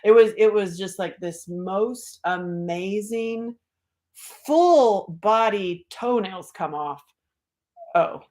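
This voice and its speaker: A woman comedian spins a personal tale with lots of energy, her voice shooting up into loud, excited outbursts and then dropping to hushed asides. She curses freely and laughs often as she talks, with a mid-range pitch. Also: slow. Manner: swings between loud exclamations and hushed asides, swearing; laughs often while telling a story. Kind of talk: animated storytelling.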